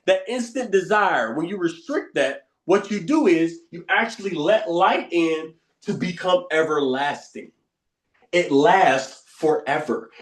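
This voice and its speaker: A man's voice: high voice, echoey room. A man leading a live online coaching session, teaching with emphatic repetition and quizzing the group. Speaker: bootcamp coach.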